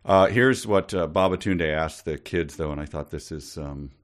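A man co-hosting a comedy podcast, tossing off wry, deadpan asides about a book. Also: extremely low pitch, normal speed. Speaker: podcast co-host. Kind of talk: casual comedic riffing on a book.

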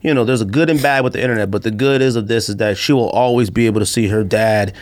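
A man's voice: lowish voice, quick pace. Rambling casual male podcast host. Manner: rambling, full of "like" and "you know". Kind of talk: casual chat.

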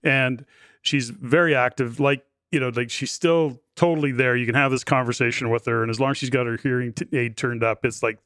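A man's voice: medium pitch, fairly quick, no echo, studio quality. Chatty sixty-something man hosting. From Canada. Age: 60s. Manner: animated storyteller, many fillers like "you know". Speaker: podcast host. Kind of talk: casual interview chat.

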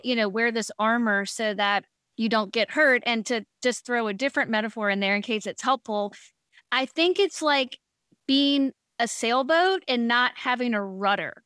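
Woman, fairly high voice, blunt and frank, casual podcast chat, dry close sound. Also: moderate pace, fairly bright tone, clear, resonant tone, no echo. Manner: blunt, frank advice with playful quoted asides.

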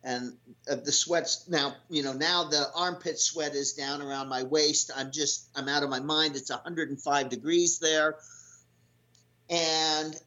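A man's voice: a little high, fairly even intonation, a little slow, sharp tone. A man from the United States telling a travel anecdote in a casual, rambling way, full of fillers and restarts. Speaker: guest telling a sailing story. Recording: lo-fi dull audio.

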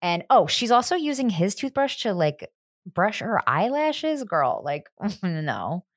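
A woman's voice: medium pitch, sing-song, slow pace, dry recording, clean studio sound. A woman hosting a podcast in casual chat, sarcastic and laughing often. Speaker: podcast host.

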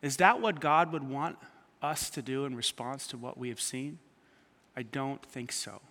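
Animated pastor in a reverberant hall. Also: male voice, medium pitch, a little slow. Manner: animated storytelling, swings between quiet asides and loud emphatic bursts. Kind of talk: sermon with personal stories.

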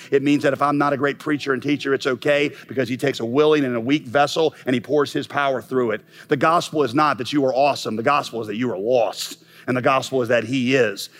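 A middle-aged man preaching a sermon as pastor, impassioned and building to emphatic peaks. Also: medium pitch.

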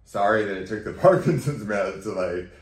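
A man guest on a podcast, candidly telling a personal story in an emotional, animated way and acting out quoted dialogue. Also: fairly low pitch, normal speed. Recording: roomy echo, faint background noise.

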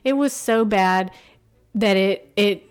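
A woman co-hosting a casual movie-review chat, blunt and sarcastic with animated delivery. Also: mid-range voice, slow pace, smooth, soft background music. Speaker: podcast co-host reviewing movies.

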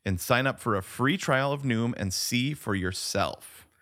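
A man's voice: mid-range voice, unhurried, a bit bright. A man co-hosting a podcast, laid-back and casual, often calling his friend "dude". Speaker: podcast co-host. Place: home studio, Atlanta.

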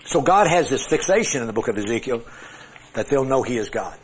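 A man's voice: medium pitch, animated, fairly quick, slight background noise. A middle-aged man teaching a Bible class with charts, talking conversationally, asking the class questions and joking at his own expense. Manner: self-deprecating humor.

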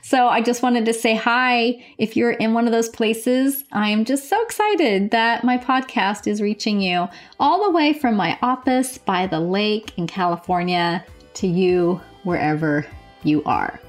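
A woman's voice: on the high side, a little slow, faint music behind. An American woman nurse hosting her own podcast from a home office, chatting in an upbeat, gushing way. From United States. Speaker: podcast host. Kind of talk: casual podcast chat.

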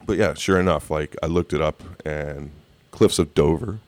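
A man co-hosting a casual talk show, telling animated stories and swearing casually. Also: a bass voice, normal speed, no echo. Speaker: cocktail podcast co-host. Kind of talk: casual chat.

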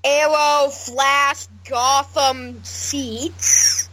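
A man with a notably high voice chimes into a casual podcast chat. He adds quick, joking asides. A faint background hiss sits behind him. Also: level tone, pushed and bright, poor audio. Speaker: intern and co-host.

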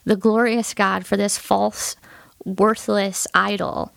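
A woman's voice: medium pitch, level tone, takes it slowly, gravelly, no echo, studio quality. A woman, a pastor co-hosting a podcast, sharing earnest and enthusiastic thoughts on a Bible passage in casual conversation.

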